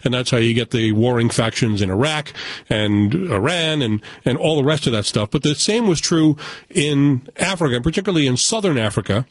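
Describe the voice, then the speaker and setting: A man's voice: mid-range voice, animated, brisk, dry recording. A man from the United States giving a casual, opinionated film review with joking asides. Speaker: film critic.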